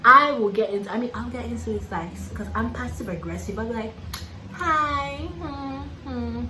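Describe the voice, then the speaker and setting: A woman's voice: fairly high pitch, fairly quick, echoey room, noisy background. A young Nigerian woman with a Nigerian accent, chatting casually and sassily while getting ready, laughing often. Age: young adult. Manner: sassy, playful, laughs often, calls listener "honey". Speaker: YouTuber. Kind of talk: casual get-ready-with-me chat.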